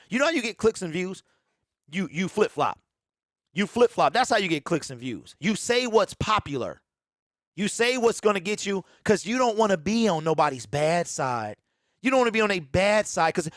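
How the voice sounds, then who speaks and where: A man's voice: high-pitched, expressive, a little fast, a bit bright, dry recording, studio quality. A man hosting a sports talk show, talking emphatically and repeating his points over and over. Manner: emphatic, repeats lines, mocking quoted voices. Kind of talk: animated sports talk monologue.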